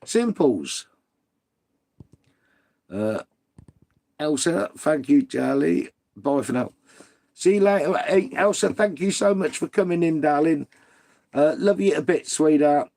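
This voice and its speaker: A man's voice: fairly high pitch, mellow. A British man hosting a live stream, chatting casually with viewers and reading out their comments in a blunt, sweary, ranting way.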